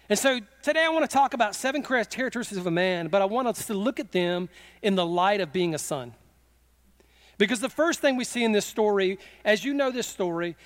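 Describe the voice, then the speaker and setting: A middle-aged man preaching a sermon with fervor, slipping into quick acted quotes. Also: high-pitched. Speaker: pastor.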